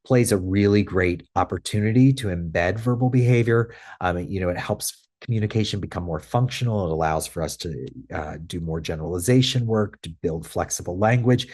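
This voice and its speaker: Lower-voiced man giving a casual webinar. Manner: conversational, many fillers, tag questions; acts out playful lines in a bright fun voice. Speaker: clinical trainer. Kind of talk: webinar lecture.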